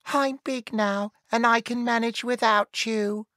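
A woman voicing a young, homesick boy elf in a storybook reading, in slow, gentle delivery. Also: a little high, fairly even intonation, dry recording. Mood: wistful.

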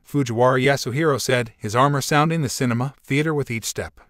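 A man reading a fan fiction story aloud in an even, steady narrating voice. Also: mid-range voice, brisk, few pauses, no echo, studio quality.

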